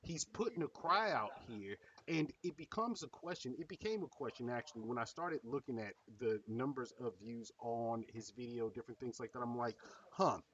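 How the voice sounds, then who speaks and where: A man's voice: medium pitch, normal speed, few pauses, a bit bright, distant mic, muffled recording. A man streaming a reaction video, bluntly lecturing and swearing as he picks apart what he watches. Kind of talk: profane reaction commentary.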